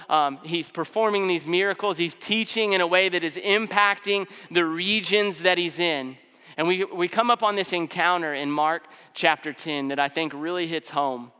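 A man's voice: a little high, bright, forceful tone, smooth. A man preaching a sermon in a casual, conversational way, with fillers and asides to the congregation in a church hall. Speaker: pastor.

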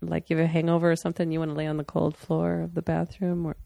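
A woman's voice: sits low, monotone, fast talker, creaky, mellow, dry recording, clean studio sound. A young woman talking casually and candidly with her partner, rambling a bit and laughing often. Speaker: partner sharing a personal story. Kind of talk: casual conversation.

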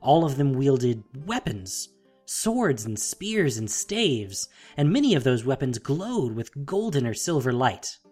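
A narrator reading a fantasy audiobook in a steady, dramatic storytelling manner. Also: medium pitch, slow pace, breathy edge, faint music behind.

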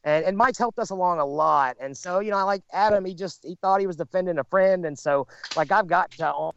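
A man co-hosting a podcast who cuts in calmly to smooth over an argument. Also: high voice, a little fast, dull audio, a little hiss or hum. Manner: placating, defends others, interjects. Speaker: podcast co-host. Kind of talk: casual chat.

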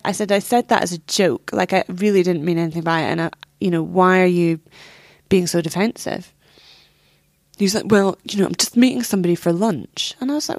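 A woman's voice: mid-range voice, a little fast, a little mellow, no echo, clean studio sound. A young woman telling a painful personal story as an interview guest, candid and swearing, acting out what others said.

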